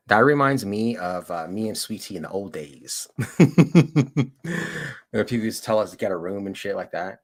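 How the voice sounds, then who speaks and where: A lowish male voice with lively intonation moves at a normal speed. The speaker, a livestream host and auditor from Colorado, rambles casually with his audience, leaning heavily on "dude" and "like."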